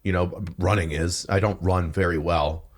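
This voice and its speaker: A man telling stories on a podcast as a guest, animated and profane, with loud outbursts when he quotes other people. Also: low voice, moderate pace. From New York. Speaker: podcast guest, police detective and drill sergeant. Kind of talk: casual storytelling.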